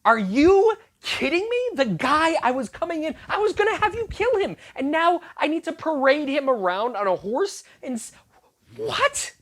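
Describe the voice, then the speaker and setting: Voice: sing-song, moderate pace, a bit bright. A youth pastor playing a frantic scheming villain. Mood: outraged. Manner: frantic, pleading, pitch jumping around. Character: panicking scheming male villain courtier. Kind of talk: comic retelling in a youth sermon.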